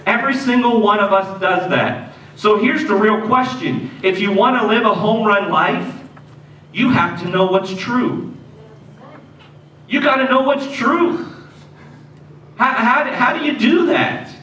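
A man preaching a sermon as pastor, telling stories in an animated way and repeating key lines for emphasis. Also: high voice, a little slow, long pauses. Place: church sanctuary. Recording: echoey church hall, mic at a distance.

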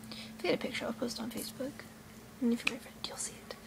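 A woman's voice: fairly high pitch, steady tone, quick pace, creaky. A teenage girl whispering a rambling, goofy vlog from her bedroom on a webcam. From USA. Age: teens. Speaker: vlogger.

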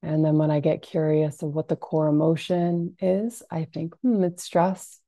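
A woman practitioner leading a gentle guided self-soothing lesson, speaking softly and calmly with frequent fillers. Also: low voice, no room sound. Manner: soft, unhurried, calming delivery with frequent fillers. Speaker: compassionate inquiry practitioner.

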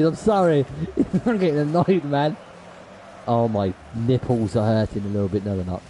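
In a rough recording with slight background noise, a mid-range, mellow male voice moves at a moderate pace. He's a streamer chatting directly with viewers mid-game, slangy and heavy on "bro," swearing at plays and later apologizing.

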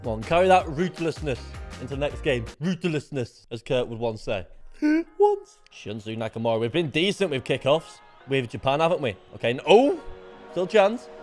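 A young man commentating his own football video game match, muttering under his breath and then bursting into shouts. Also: fairly quick, faint music behind. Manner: excitable, swings from low muttering to shouted outbursts. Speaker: gaming YouTuber. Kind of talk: live gameplay commentary.

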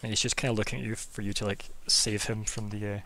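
A man's voice: fairly low pitch, little pitch movement, fast talker, pushed and bright. Casual male game master narrating. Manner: casual, rambling with fillers.

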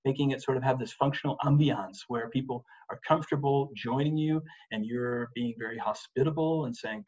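In a webinar presentation, a middle-aged coach tells lawyers what "you've gotta" do, repeating it energetically to stress his points from his home office. Through a desk microphone his mid-range, darkish voice comes across a little fast with few pauses, and the audio is dull.

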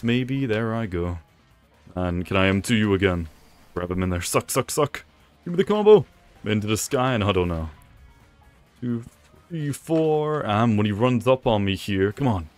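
A young man with a fairly low voice talks through a fight as he plays, teasing his opponent and grumbling in jest. Faint music runs underneath. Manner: playful, teasing the opponent with mock complaints. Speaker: gaming video creator. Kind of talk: live gameplay commentary.

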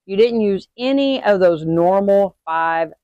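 Her mid-range voice clear and resonant, a woman teaches witchcraft at a measured pace in a casual instructional talk, checking in with "okay?" and "all right?" almost constantly. She turns animated acting out sudden emotions; the audio is dull, with no echo.

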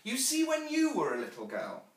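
A man voicing Jane, an eager, curious little girl, in a high, insistent, questioning voice, at a live storytelling show. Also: huge pitch swings, normal speed, heavily acted. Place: living room of a home. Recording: echoey room, from far off.

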